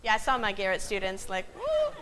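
A woman's voice: on the high side, normal speed, fairly bright tone, a little hiss or hum, rough recording. A woman pastor gives a conversational sermon to a congregation in a worship space. She often asks the room questions and checks in with "right?" between points.

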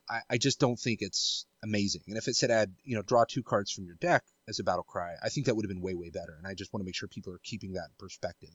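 A man discussing card game strategy in a casual podcast, talking in a measured, analytical way with plenty of ums and caveats. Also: lowish voice, dry recording, highs cut off.

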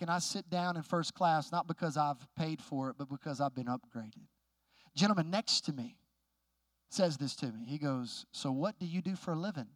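A man preaching a sermon, candid and conversational, who climbs loud and high for emphasis and drops low and quiet to tell a story. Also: dry recording. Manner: candid, conversational, asks the crowd questions.

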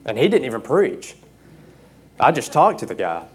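A man preaching an informal sermon from a church stage, emotional and earnest, often pausing with fillers. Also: mid-range voice, huge pitch swings, a little hiss or hum. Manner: earnest, halting with frequent fillers.

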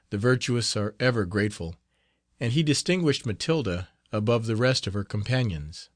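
A man reads a classic novel as an audiobook, telling the story in a measured, expressive way. His voice sits on the low side, and the clean studio recording has no room sound.

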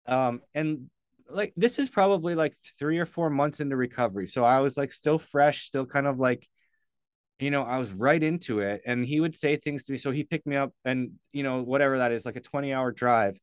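A man's voice: medium pitch, fairly quick, smooth, no room sound, clean studio sound. A man, a podcast guest, telling a story candidly and earnestly, loosely and with casual swearing.

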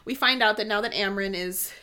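A woman's voice: mid-range voice, fairly quick, sharp tone. Bubbly giggly woman podcast co-host. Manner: bubbly, laughs often, reads passages aloud. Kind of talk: casual book discussion.

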